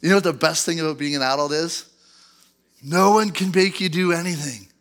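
A male pastor in his thirties preaching a sermon in church, animated and acting out angry outbursts. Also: fairly high pitch, a little fast. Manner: animated, acts out outbursts in a loud put-on voice.

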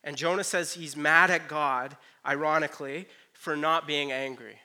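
A man preaching a conversational sermon. He retells a Bible story and acts out the characters' lines in quick asides. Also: on the high side, fairly even intonation, bright, forceful tone. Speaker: pastor.

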